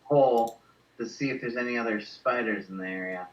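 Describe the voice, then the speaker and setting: A man playing a tabletop game, talking through tactics out loud with restarts. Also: mid-range voice, brisk. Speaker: player. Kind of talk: casual tabletop game chat. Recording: dull, echoey, from far off.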